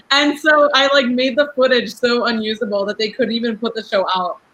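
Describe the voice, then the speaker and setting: A young woman in her twenties, a rapper, is a guest on a casual podcast chat. Her voice sits a little high, steady and somewhat bright, on a rough recording. She is outspoken, laughs a lot, and talks fast and chattily, with "like" everywhere.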